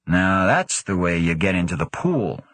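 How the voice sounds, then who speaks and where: A man's voice: sits low, sing-song, normal speed, fairly bright tone, dry recording, full character voice. A man voicing a scornful male test controller with a nasal, caustic way of talking. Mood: brisk. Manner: caustic, griping.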